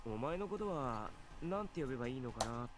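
A man's voice: medium pitch, sing-song, racing, a little hiss or hum, lightly acted. An actor playing an easygoing young man in a game, talking bluntly and casually, with a grumbling manner. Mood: bemused.

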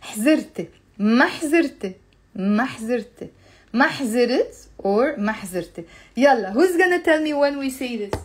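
Woman, Lebanese Arabic accent, somewhat high voice, chatty live-stream language teacher. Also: animated, a little fast. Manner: playful, chatty, greets viewers and repeats phrases.

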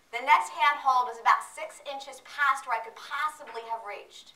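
A woman giving an energetic, playful motivational training talk to a live audience. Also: high voice, normal speed. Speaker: workshop presenter. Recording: echoey room, distant mic.

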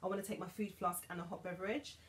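A woman's voice: on the low side, fairly even intonation, quick pace. A woman, chatting casually through a shopping haul with giggly, emotional asides. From England. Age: 30s. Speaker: vlogger.

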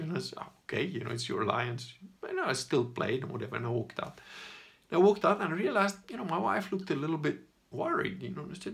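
A man's voice: fairly high pitch, big pitch swings, fairly quick, gravelly, a bit bright. Rambling, profane man telling a story. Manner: rambling, profane, laughs as he talks, acts out quotes. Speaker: channel host telling a personal story. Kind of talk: casual storytelling monologue.

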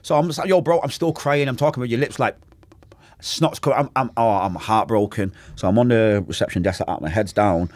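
Brisk and fairly low-voiced, a Mancunian man recounts a personal story with raw intensity and emotion while appearing on a podcast. The recording has no room sound, and he gives the people he quotes their own voices.

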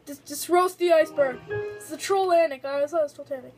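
A young woman giving excitable, giggly let's-play commentary on a game, chatting to her viewers as she plays. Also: sits high, quick pace, soft background music. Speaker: gaming video host.

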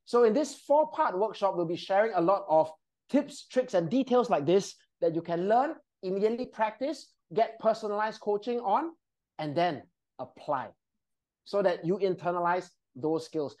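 Her voice is medium in pitch, animated and mellow, at a normal speed, as she leads a live presentation workshop. The woman, a voice and presentation trainer, gives a group in a training room upbeat instructions and checks in with them often.

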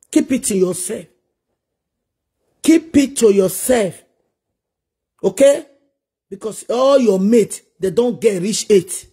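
A man's voice: high voice, mellow, husky. A man with a Nigerian accent delivering a preachy, scolding monologue full of repeated rhetorical questions. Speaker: social media commentator.

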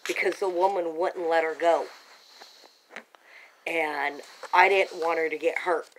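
A woman's voice: low-pitched, fairly even intonation, measured pace, a little hiss or hum, rough recording. Agitated woman rambling to a home camera. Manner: agitated, insistent, full of restarts. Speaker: parent telling her own account. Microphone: home camera held by a family member.

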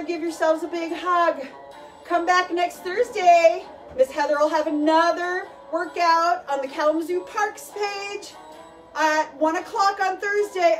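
A very high-pitched woman leads a children's workout, talking slowly and cheering everyone on as she calls out each move. Her voice is picked up from a distance, with music playing behind her. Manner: encouraging, calls out moves and cues. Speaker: fitness instructor. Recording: distant mic with background music.

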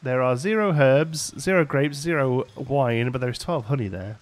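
His voice sits at medium pitch and a moderate pace as he, a let's play host, talks his way through a city-building game, chatty and meandering, often laughing and musing aloud.

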